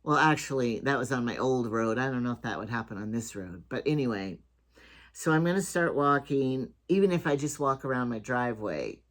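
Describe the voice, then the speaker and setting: A woman's voice: a bass voice, lively intonation, a little fast. An older woman hosting her own home talk show, chatting in a rambling way and often restarting her sentences. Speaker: vlogger host.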